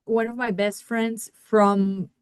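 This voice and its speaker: A woman's voice: medium pitch, little pitch movement, slow pace, clean tone, no room sound. A woman from Colombia on a team call, asking for advice in a hesitant way with many fillers. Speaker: team member asking a question.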